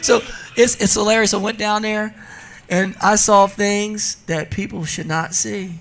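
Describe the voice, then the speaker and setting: A man in his forties from New Jersey, a radio interview guest telling funny stories in a lively, laughing way. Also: high voice, moderate pace. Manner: animated, laughing storyteller. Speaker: guest, drag racer. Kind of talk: casual radio interview storytelling.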